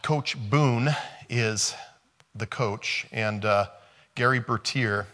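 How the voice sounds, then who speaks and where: A man's voice: mid-range voice, takes it slowly, bright, forceful tone. A man preaching a conversational sermon, retelling a film scene and repeating rhetorical questions.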